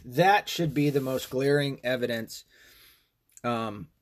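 A man's voice: mid-range voice, takes it slowly. A man hosting a podcast, talking in a casual, rambling and profane rant. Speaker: podcast host. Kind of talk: casual monologue.

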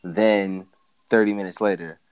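A man's voice: low-pitched, fairly even intonation, measured pace, a little mellow, clear, resonant tone. A man in casual podcast chat, talking in a laid-back way with frequent fillers.

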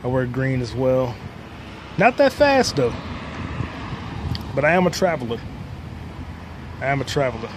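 A young man hosting a podcast outdoors on a city street, rambling in a deadpan, joking way, swearing freely and coughing with a cold. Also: medium pitch. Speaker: podcast host. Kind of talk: casual solo monologue. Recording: street noise clearly audible. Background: passing cars and street noise.

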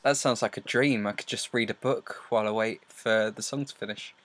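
A man's voice: fairly low pitch, fairly even intonation, brisk, a bit bright. A man hosting a small indie radio show, chatting with his guest in a teasing, playful way. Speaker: radio host. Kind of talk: casual radio interview chat.

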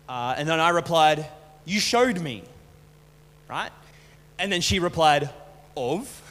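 Male pastor, loose stop-start delivery, high voice, echoing hall with a low hum. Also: fairly bright tone. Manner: casual, repeats and restarts words. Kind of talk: conversational sermon. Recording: long hall reverb, faint hum.

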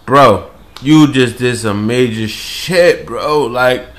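A man's voice: mid-range voice, takes it slowly, a bit bright. A man in casual chat, talking emphatically and peppering his speech with "bro" and "like". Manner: emphatic, keeps saying "bro" and "like".

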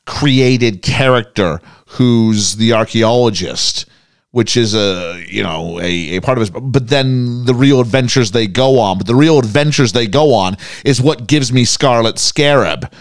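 A man's voice: medium pitch, unhurried, dry recording, studio quality. A man co-hosting a podcast, discussing an episode critically with plenty of questions. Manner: critical, questioning, animated reactions. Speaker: podcast co-host. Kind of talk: casual discussion.

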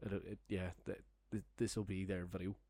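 Young man, low voice, rambling sweary storytelling, dry close sound. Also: flat delivery, normal speed, vocal fry, warm tone, dry recording. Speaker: storyteller guest. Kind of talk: casual podcast anecdote.

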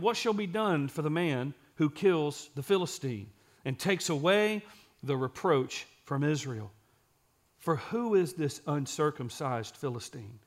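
Man, preacher, sermon, reads scripture then explains it, asks the listeners questions, fairly high voice. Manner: drops to a quiet, intense voice for emphasis.

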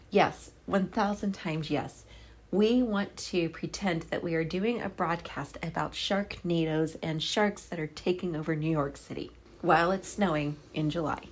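A middle-aged woman casually recapping a movie, with sarcastic, profane asides, swinging between deadpan remarks and sudden outbursts. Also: fairly low pitch.

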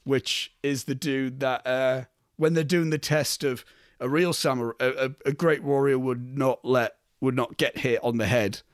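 On a laid-back film podcast, this young co-host laughs, curses freely, and performs characters' lines. He speaks at a moderate pace with medium pitch and fairly even intonation, captured in a dry, studio-quality recording.

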